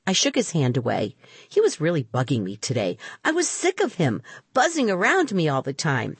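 A woman narrating a children's story in the first person, reading expressively with a husky tone. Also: rumbling low, big pitch swings, normal speed, dry recording.

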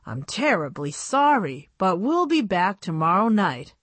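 A woman's voice: mid-range voice, sing-song, measured pace, no room sound. A woman voicing a polite, apologetic father doll.

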